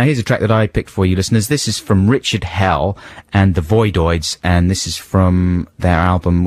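A man's voice: low voice, darkish tone, no echo. A man co-presenting a radio show in a studio, chatty and jokey, rambling with restarts. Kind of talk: casual radio banter. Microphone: studio microphone.

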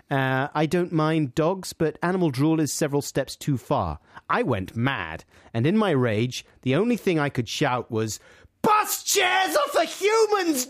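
A man's voice: mid-range voice, dry recording, studio quality. A man co-hosting a radio show, reading out listener messages with playful asides. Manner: chatty, reads letters aloud with playful asides. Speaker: radio co-host.

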